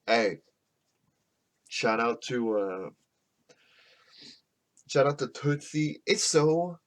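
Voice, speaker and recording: A man talking loosely into a podcast mic, cursing freely and drifting from one thought to the next. His pitch sits right in the middle, and he laughs at his own stories as he goes. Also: expressive, drawn-out words. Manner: profane, rambling, laughs often. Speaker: podcast host. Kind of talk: casual rambling monologue. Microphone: podcast microphone.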